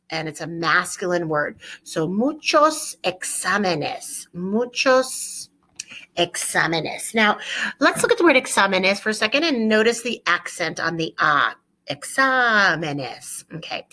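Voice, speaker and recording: A woman teacher giving an online Spanish lesson to her students, upbeat, repeating phrases slowly for them to echo. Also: medium pitch, sharp tone.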